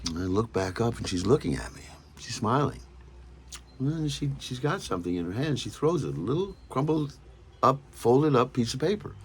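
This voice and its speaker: A man tells a story in a casual, animated way, stumbling over repeated words and acting out other people's lines. His voice sits low but sounds bright and forward, and it swings widely in pitch. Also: husky. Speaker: podcast host.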